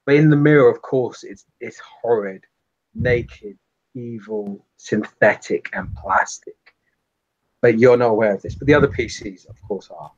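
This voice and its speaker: A man narrating as game master of a tabletop game, unhurried and descriptive. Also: medium pitch, dull audio.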